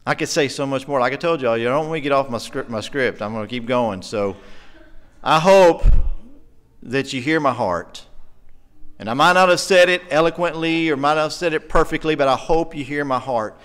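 A man's voice: mid-range voice, moderate pace, a bit bright, clean tone. A middle-aged man preaching a sermon in a church, earnest and emotional, pressing his points with emphasis. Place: church sanctuary.

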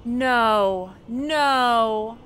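A woman's voice: a little high, extremely slow, a bit bright, a little hiss or hum. A woman doing gameplay commentary, swearing often and talking back to the game as she plays. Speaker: let's play gamer. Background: faint game music.

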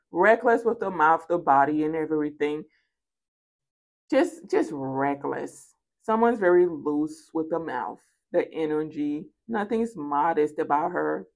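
A woman giving a spoken tarot reading, casual and chatty, repeating phrases for emphasis. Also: fairly low pitch. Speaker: tarot reader.

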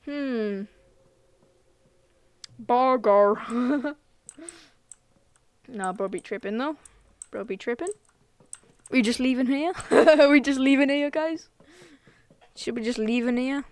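A woman streams a game live, laughing often and chatting to her viewers in slangy, excitable bursts. Her voice sits on the higher side and comes across smooth and clear. She talks at an unhurried, drawn-out pace, and the sound is close and dry. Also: no room sound. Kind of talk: casual live gameplay commentary.

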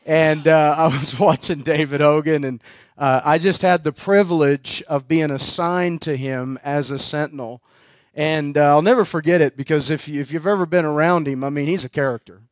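High-voiced preacher telling a story. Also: male voice, dry recording. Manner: chatty, laughing, many fillers and restarts. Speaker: guest preacher. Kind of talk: sermon storytelling.

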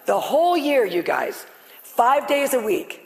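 Loud, passionate woman in an echoing hall. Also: high voice, sing-song, a little slow, vocal fry. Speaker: guest speaker sharing her healing testimony. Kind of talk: passionate testimony talk to an audience. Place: on stage before a live audience in a large hall. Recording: long reverb of a large hall.

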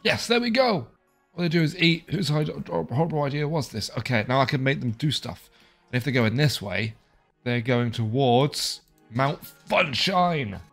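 A young man chats his way through a video game, cracking jokes and reading on-screen lines aloud. His voice sits at a medium pitch. Faint background music plays under the commentary. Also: expressive, moderate pace, fairly bright tone. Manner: chatty, jokey, reads game dialogue aloud. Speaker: gaming video creator. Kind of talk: casual let's-play commentary.

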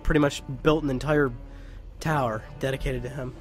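A man's voice: mid-range voice, fairly even intonation, moderate pace, faint music behind. A young man giving casual, rambling, joking gameplay commentary into a home mic. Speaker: let's play host. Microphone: home mic with pop filter.

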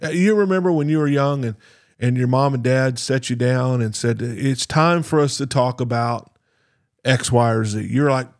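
A man's voice: medium pitch, normal speed, dry recording, clean studio sound. A man hosting a podcast, talking in a blunt, earnest monologue and repeating words when he stresses a point. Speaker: podcast host.

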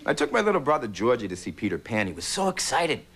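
A man from Boston doing an animated stand-up routine on a TV studio stage. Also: mid-range voice, fast. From Boston, Massachusetts. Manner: animated, does many character voices. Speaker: stand-up comedian. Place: TV studio stage with live audience.

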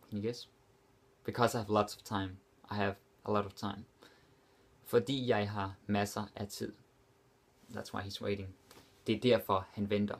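Relaxed and casual, a young man teaches a language lesson in a slightly low, creaky voice. Each example phrase gets spoken slowly, said again, and then explained.

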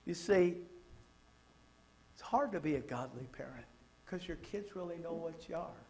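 A pastor with a Southern American accent, preaching at a child dedication, animated and acting out family stories. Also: male voice, moderate pace, slight background noise. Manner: animated, acts out quotes with pitch jumps; drops to a soft murmur when praying over the child.

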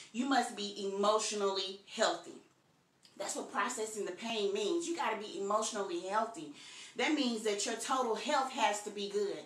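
A woman's voice: medium pitch, fairly bright tone. Woman preaching in an echoey room. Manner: earnest, conversational preaching with repeated phrases. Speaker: Bible study teacher. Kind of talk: virtual Bible study sermon.

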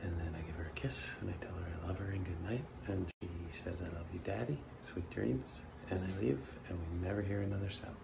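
Gravelly low-voiced father, noisy home video. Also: steady tone, quick pace, few pauses. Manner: low-key, matter-of-fact, quiet. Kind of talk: casual home video chat.

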